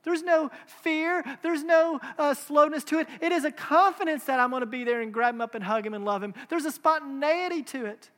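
A man's voice: very high-pitched, quick pace, hardly any pauses, fairly bright tone. A man in his thirties preaching a sermon, earnest and emphatic, with repeated phrases and rhetorical questions. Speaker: pastor. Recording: long hall reverb.

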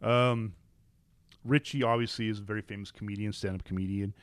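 A man in casual chat, telling long stories with plenty of restarts and fillers, and getting animated when something excites him. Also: fairly low pitch, fairly quick, clear, resonant tone, no room sound. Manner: rambling, with frequent restarts and fillers; enthusiastic, animated storytelling.

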